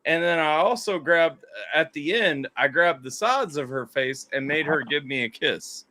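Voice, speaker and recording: A young man hosting a casual livestream, telling a story with excited, loud bursts. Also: on the high side, normal speed, a little hiss or hum. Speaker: stream host.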